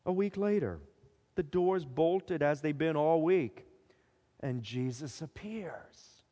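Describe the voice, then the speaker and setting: A man preaching a sermon, dramatically retelling a scripture story and swinging between hushed and emphatic delivery. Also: a little high, expressive, slow, in a large hall.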